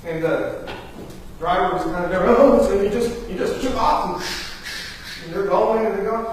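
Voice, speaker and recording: This sermon comes from a high-pitched male pastor speaking at a moderate pace, animatedly voicing the people in his stories. The sound is distant and heavily echoed in the church sanctuary, with slight background noise.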